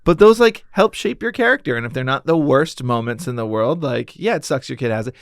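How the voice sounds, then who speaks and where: A man's voice: medium pitch, animated, fairly quick, no room sound, clean studio sound. A man, a father and podcast co-host, chatting candidly about parenting and telling stories. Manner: candid, storytelling with quoted voices. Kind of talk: casual chat.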